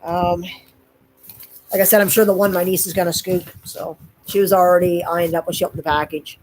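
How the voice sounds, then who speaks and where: A woman's voice: lowish voice, flat delivery, brisk, darkish tone, a little hiss or hum, low-quality recording. Chatty Canadian woman vlogging. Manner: chatty and rambling, often addressing viewers. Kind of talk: casual live-stream chat.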